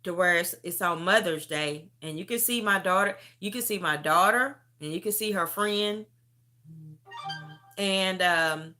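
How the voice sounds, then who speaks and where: Middle-aged woman, host of a testimony live stream; sharp bright tone, animated and emotional storytelling, close to tears. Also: on the low side, a little slow, soft background music. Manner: animated storytelling, calls the listener "beauty". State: near tears. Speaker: host sharing a personal testimony.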